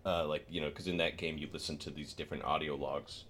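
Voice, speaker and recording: A man co-hosting a podcast in casual chat, animated and laughing often as he tells stories. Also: very deep voice, fast. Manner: animated, laughs often, storytelling with bursts of excitement. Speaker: podcast co-host.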